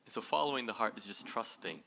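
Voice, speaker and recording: A man giving a live inspirational talk, playful and animated, with big jumps in pitch and loudness, who asks the audience questions directly. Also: fast, gravelly, slight background noise. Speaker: motivational speaker.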